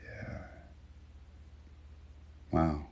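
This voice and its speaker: A man hosting a casual livestream chat, talking loosely and with profanity to his viewers, calling them y'all and reading out their names. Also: drawn-out words. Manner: reads viewer names with warm affirmations. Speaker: livestream host.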